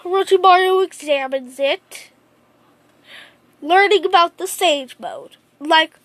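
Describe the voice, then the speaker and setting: A woman's voice: very high voice, slow, dry recording. A woman casually retelling a fan-made story, rambling and repeating herself, with lots of "like". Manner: rambling, repetitive, says "like" often.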